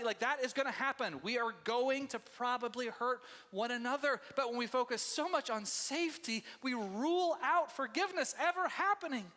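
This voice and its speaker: A male pastor preaching a sermon with a high, bright, forceful voice that rings through a reverberant church hall. He talks to the congregation like friends, swinging between intense, loud bursts and hushed, intimate asides. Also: normal speed, hardly any pauses. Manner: conversational, addresses congregation as "you guys". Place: church sanctuary.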